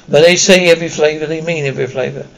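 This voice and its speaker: A man's voice: fairly high pitch, fairly even intonation, fast, gravelly, rough recording. Ron, a man doing a chatty young schoolboy wizard. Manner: chatty and blunt. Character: excitable red-haired schoolboy wizard. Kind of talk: audiobook character reading.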